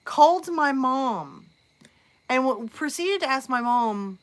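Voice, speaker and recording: A woman's voice: sits high, lively intonation, slow. A woman who narrates horror, chatting casually on a live stream and telling a story in a rambling way.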